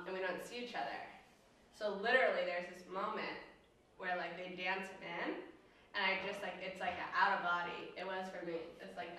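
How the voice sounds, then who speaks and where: A woman's voice: lowish voice, bright, forceful tone, a little hiss or hum. Young woman rambling about her wedding, stops and restarts, echoey room, mic kinda far. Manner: halting, searching for words. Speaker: interviewed bride. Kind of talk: casual chat.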